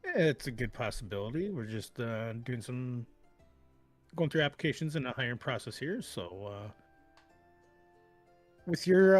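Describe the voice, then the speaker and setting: A man at a tabletop game speaking in character as a formal job interviewer. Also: medium pitch. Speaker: player.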